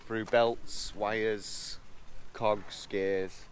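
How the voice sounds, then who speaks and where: A man's voice: lowish voice, flat delivery. Man explaining, water roaring behind. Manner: explanatory, lists facts. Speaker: vlogger. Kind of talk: casual chat, tour guide explanation. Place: outdoors by a river weir. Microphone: action camera. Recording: loud rushing water noise.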